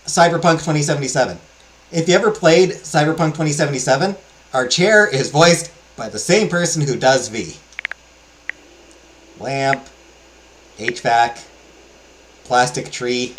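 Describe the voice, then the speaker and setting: A man's voice: a little high, animated, takes it slowly, pauses often, rough recording. A man hosting a let's play, chatting casually and enthusiastically with many fillers as he talks through a game.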